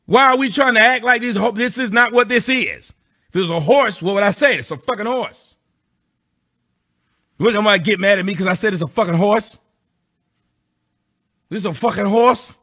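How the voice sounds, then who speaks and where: A man's voice: sits high, normal speed, long pauses, sharp tone. A man doing a profane comic rant, breaking into mocking sing-song. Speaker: comedian. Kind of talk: comic rant with sung bits.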